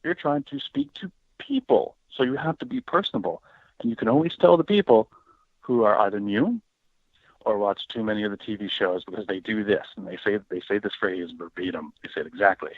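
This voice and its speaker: Low-voiced man on a tinny phone line. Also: a little fast, slightly rough, no room sound. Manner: animated, acts out quoted voices. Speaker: guest, paranormal educator. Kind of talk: casual interview talk.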